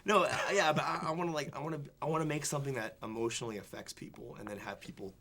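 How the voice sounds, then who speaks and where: Fast-talking young man telling stories. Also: mid-range voice, gravelly. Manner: excited, rambling anecdotes full of fillers and restarts. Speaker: film critic and entertainment interviewer. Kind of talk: animated storytelling in a studio interview. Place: television studio before a student audience.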